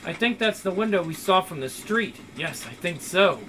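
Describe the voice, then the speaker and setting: A man's voice: high voice, expressive, normal speed, bright, forceful tone, a little hiss or hum. A man voicing the hero of a video game, casual and wry with frequent swearing. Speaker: gamer voicing the main character. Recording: music playing behind.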